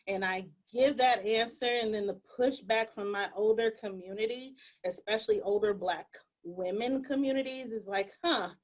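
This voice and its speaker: A woman's voice: mid-range voice, moderate pace, hardly any pauses. A woman speaking earnestly and with animation as a panelist in a discussion over a video call. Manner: earnest, animated, acts out quoted voices.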